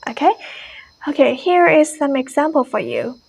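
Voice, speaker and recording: A woman teaching an English pronunciation lesson, explaining each point in a measured way and repeating every example word twice. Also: high voice, very animated, vocal fry, a little mellow, poor audio.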